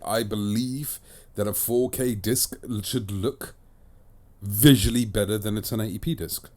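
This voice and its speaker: Chatty male host, slightly low voice, talks in emphatic repeated phrases. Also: unhurried, darkish tone. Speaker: podcast host and disc reviewer. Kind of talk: casual chat.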